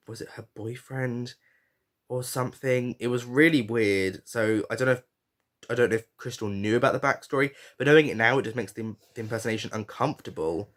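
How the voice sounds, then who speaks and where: A man's voice: fairly low pitch, fairly bright tone. A man chatting casually as a podcast host, frank and given to swearing, with fillers and restarts. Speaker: podcast host reviewing a reality show. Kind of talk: casual review chat.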